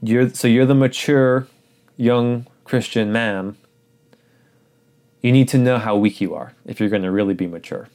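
A man's voice: medium pitch, fairly even intonation, a little slow, pauses often, darkish tone. A man preaching a sermon, earnest and urgent, repeating phrases for emphasis.

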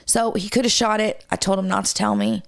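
A woman in her thirties, a podcast co-host, chatting casually and telling animated, profane stories. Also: medium pitch, fairly quick, creaky. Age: 30s. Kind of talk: casual chat.

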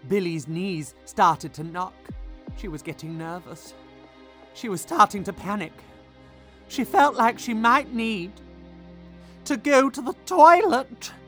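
A man narrating a comic children's story, playful and expressive. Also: high-pitched, slow, long pauses, soft background music.

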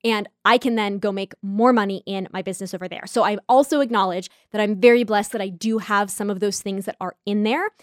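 A woman's voice: medium pitch, steady tone, fairly quick, hardly any pauses, no echo, clean studio sound. A woman hosting a casual solo podcast, talking in a candid, self-reflective way with frequent asides. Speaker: podcast host.

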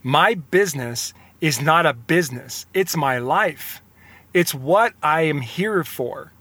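A man's voice: a little high, lively intonation, slow pace, pushed and bright, no echo. A young man hosting a podcast, talking in an earnest, rambling, confessional motivational monologue. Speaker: podcast host.

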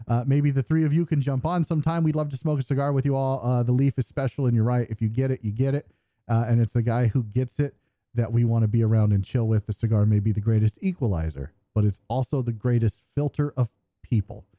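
American man, casual podcast banter, profane and jokey, mellow dark voice, dry close sound. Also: medium pitch, fast, dry recording. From United States. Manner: profane, joking, self-deprecating. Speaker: podcast co-host. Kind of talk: casual chat, reading listener feedback. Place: home, remote call.

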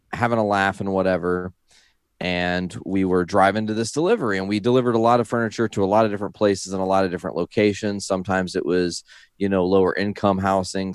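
A man's voice: low voice, clear, resonant tone, dry recording, studio quality. A young man telling a rambling, profane story in casual chat, often breaking into laughter as he talks. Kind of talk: casual anecdote.

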